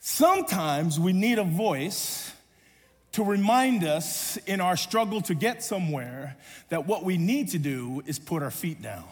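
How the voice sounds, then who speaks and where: A man preaching a sermon, telling a personal story in an animated way and acting out voices before settling into a hushed close. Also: sits high, measured pace. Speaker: pastor. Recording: long hall reverb.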